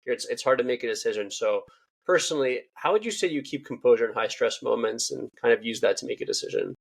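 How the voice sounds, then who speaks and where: Quick, rambling young male podcast host, mid-pitched. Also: vocal fry, slightly rough. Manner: chatty, rambling, lots of "you know". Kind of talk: casual interview talk.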